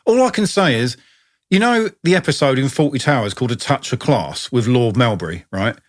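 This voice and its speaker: Man, podcast co-host, lively pitch, sweary, enthusiastic. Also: brisk. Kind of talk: casual chat.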